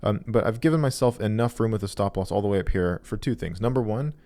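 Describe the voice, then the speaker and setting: A man's voice: on the low side, expressive, quick pace, dark tone. An American man with a General American accent, talking casually and plainly as he walks viewers through his own trades on screen, self-deprecating and full of casual fillers. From United States. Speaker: trader and video host. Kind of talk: casual screen-share walkthrough.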